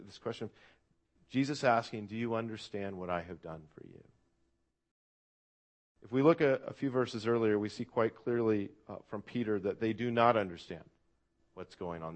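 Pastor guy giving a sermon, lowish voice, earnest and thoughtful, lots of uh's, asks the crowd stuff. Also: fairly quick. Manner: earnest, reflective, asks the audience questions, frequent "uh" fillers.

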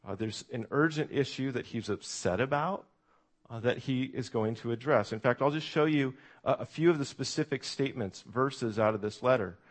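A man's voice: mid-range voice, normal speed. A man with an American accent preaching a sermon in a church, talking in a conversational way and speaking to the children now and then. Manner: conversational, lively, speaks to the kids. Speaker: pastor.

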